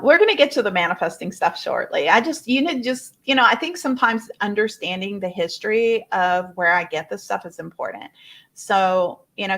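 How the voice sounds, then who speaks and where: A woman at a mid pitch tells her own story to a listening audience. She speaks as a coach, expressive and loose, with plenty of "you know" and words said twice and three times. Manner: expressive, with many fillers and repeated words. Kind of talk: telling a personal story to an audience.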